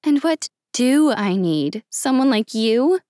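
A woman reading aloud and voicing a sharp, sarcastic young woman. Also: fairly high pitch, expressive, a little slow, no room sound, clean studio sound. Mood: angry. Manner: tart and sarcastic.

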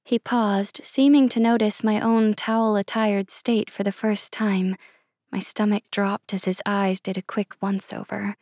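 A woman reading first-person fiction aloud, measured and expressive. She reads at a slow, deliberate pace in a middle pitch. The recording is close and dry. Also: dry recording. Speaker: audiobook narrator.

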